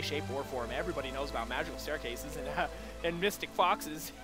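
A man giving goofy, rambling commentary while playing a video game, talking to the creatures on screen and yelling now and then. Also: a little high, fast talker, over music. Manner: goofy, talks to game creatures, sudden yells. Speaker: gameplay video host. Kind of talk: let's play commentary.

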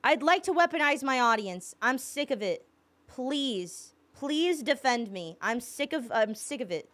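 Woman streamer, casual chat, exasperated and blunt, slightly high. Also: expressive, a little slow, fairly bright tone.

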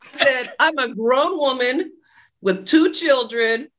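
A middle-aged woman with a bright, clear voice tells a personal story in a relaxed interview. She slips into the voices of the people in her story as she talks. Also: high-pitched, slow. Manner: animated storyteller acting out quoted dialogue. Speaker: guest, love and life coach.

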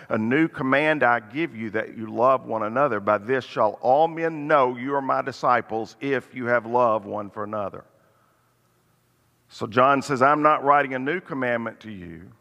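A man's voice: mid-range voice, fairly bright tone, muffled recording. A middle-aged man leading a church Bible study, telling stories and lifting his voice for emphasis. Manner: storytelling, lifts voice for emphasis. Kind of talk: church teaching. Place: church hall. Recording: long hall reverb.

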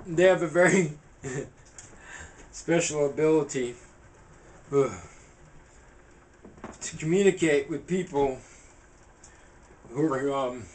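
A man's voice: on the high side, poor audio. A man hosting a home cooking show, rambling casually to the camera as he cooks. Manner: loose, talks to camera with fillers like "man" and "right". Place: home kitchen.

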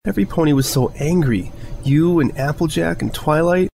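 A man's voice: a little high, normal speed, vocal fry, darkish tone, a little hiss or hum, voice pushed up. A man doing a sniffly, quirky pony girl. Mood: hurt, sniffly. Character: upset, bubbly young female pony.

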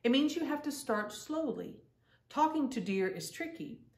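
Cheeky little animal fairy girl, teasing and quick, read by a woman, echoey room, away from mic. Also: high-pitched, lively intonation, a little mellow, far from the mic, pitched above the performer's own voice. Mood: playful. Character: playful young female animal fairy.

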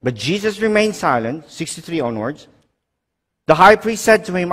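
A man's voice: fairly high pitch, sing-song, moderate pace, a bit bright, husky, in a large hall. A man preaching a sermon as pastor, emphatic, swinging his voice up and down for stress and putting questions to his congregation.

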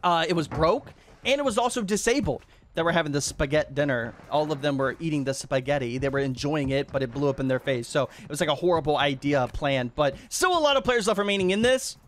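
A man hosting a game video, commentating his play and reacting with quick bursts of loud disbelief. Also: fairly high pitch, animated, a little hiss or hum. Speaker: YouTube gaming host. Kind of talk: gameplay commentary.

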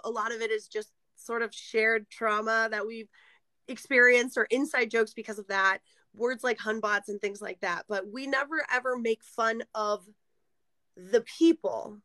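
A woman's voice: fairly high pitch, sharp tone, dry recording. A woman, a former seller for a sales scheme, chatting casually as a guest on a live stream and explaining terms with frequent laughs.

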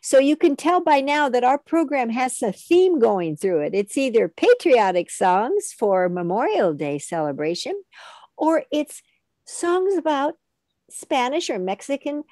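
A woman leads children through a music lesson, coaxing them into call-and-response singing. Her voice sits high and swoops up and down with lots of expression. She talks slowly and the sound is dry, with no room echo. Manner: animated, coaxing sing-along leader, call and response. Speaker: music teacher.

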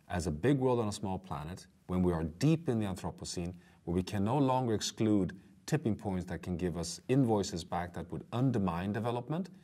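A man with a low, deep voice lectures for an online course. He speaks earnestly and stresses his key points, talking straight to his viewers. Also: warm tone. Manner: earnest, emphatic, addresses viewers directly.

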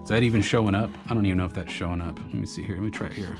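A man's voice: deep voice, rapid-fire, vocal fry. Rambling, chatty man over background music. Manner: rambling, chatty, laughs often. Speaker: graffiti artist reviewing art supplies. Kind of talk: casual talk to camera while drawing. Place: home art studio.

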